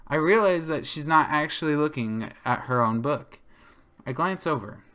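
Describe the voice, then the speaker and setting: A man's voice: fairly high pitch, lively intonation, moderate pace, sharp tone. A man streaming a game, reading its narration and dialogue aloud in a casual, easygoing way.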